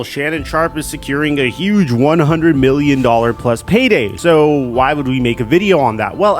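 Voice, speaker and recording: A man narrating a commentary video in a brisk, emphatic, storytelling delivery. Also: high voice. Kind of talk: scripted narration.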